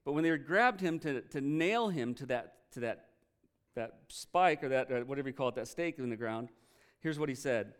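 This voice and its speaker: A male pastor preaching a sermon, telling a story earnestly and with feeling, often pausing to react. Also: mid-range voice, lively intonation, smooth. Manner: earnest storytelling, emotional, retells quotes with energy.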